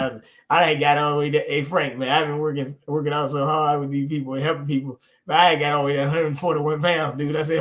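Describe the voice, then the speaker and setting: A man hosts a casual livestream talk in a somewhat high voice. He tells stories loosely and animatedly, cussing and laughing along the way. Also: fast, hardly any pauses. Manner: animated storytelling, swearing, laughing. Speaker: show host. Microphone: streaming call.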